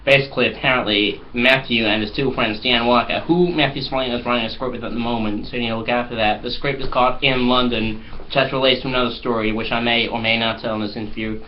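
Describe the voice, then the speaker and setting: A man's voice: mid-range voice, fairly even intonation, fast talker, hardly any pauses. A man telling anecdotes in a comedic mock interview, in a boastful, rambling way. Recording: slightly muffled with faint hiss.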